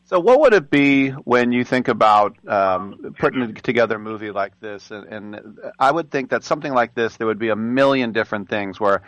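A man's voice: mid-range voice, animated, normal speed, hardly any pauses, fairly bright tone, no echo. A man hosting an interview, asking chatty, teasing questions. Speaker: interviewer, host.

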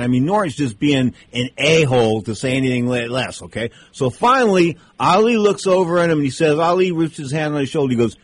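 Husky-voiced male radio host. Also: fairly high pitch. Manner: rambling anecdotes with many restarts. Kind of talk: casual storytelling interview.

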